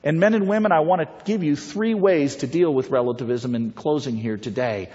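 A man's voice: a little high, fairly quick, dark tone. A man giving a persuasive public talk, telling stories and putting rhetorical questions to his audience. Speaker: pro-life speaker. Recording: reverberant, dull lo-fi hall recording.

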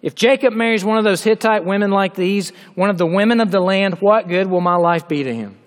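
A man preaching a sermon in a large hall, reading scripture aloud and explaining it with emphatic, drawn-out delivery. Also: high voice. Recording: long hall reverb.

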